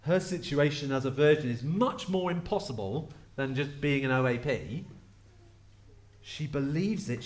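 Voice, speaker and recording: A man preaching a lively sermon at a carol service, chatty and playful as he talks straight to the congregation. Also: on the high side. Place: church.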